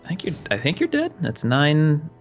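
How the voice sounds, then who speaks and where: A man's voice: on the high side, huge pitch swings, normal speed, faint music behind. A young man chatting and joking casually during a card game, laughing easily. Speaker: player.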